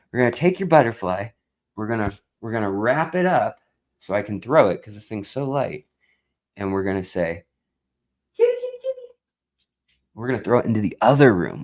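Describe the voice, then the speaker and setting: A man hosting a live stream in casual chat, rambling and slow, now and then talking baby talk to his cat. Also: fairly low pitch, poor audio.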